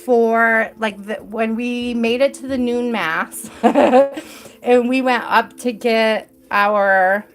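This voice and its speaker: A young adult woman with a fairly high voice tells a long personal story on her live tarot stream. She talks casually and laughs often. Her speech is full of "like" and "right?". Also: steady tone, slow pace, soft background music. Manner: chatty, laughs often, many "like" fillers.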